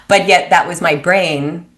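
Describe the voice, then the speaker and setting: A woman in casual conversation, reflecting on her own experiences in a halting way. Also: low-pitched. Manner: reflective, halting, restarts phrases.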